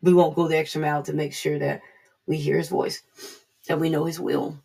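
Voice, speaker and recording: Casual bible devotion talk, earnest, raspy and a bit breathy, repeats stuff for emphasis. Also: medium pitch, flat delivery, brisk, darkish tone. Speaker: devotional speaker. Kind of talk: informal devotional preaching.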